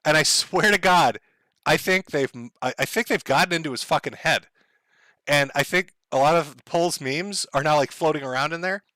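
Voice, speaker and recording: A man's voice: a little high, moderate pace, sharp tone, no echo. Sardonic, profane male stream host. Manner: sardonic, profane, laughs often. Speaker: livestream host. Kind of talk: casual livestream rant.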